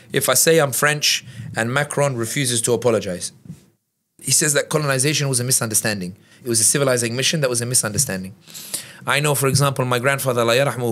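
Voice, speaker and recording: A man from the United Kingdom giving lively conversational analysis as a podcast guest, often acting out quotes. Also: medium pitch. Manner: animated, quick, acts out quotes in other voices. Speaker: guest commentator.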